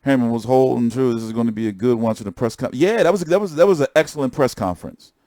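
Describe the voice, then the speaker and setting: A young man chatting casually on a stream about boxing, excitable and profane, often repeating himself. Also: mid-range voice, fast, no echo, clean studio sound. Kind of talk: casual live-stream chat.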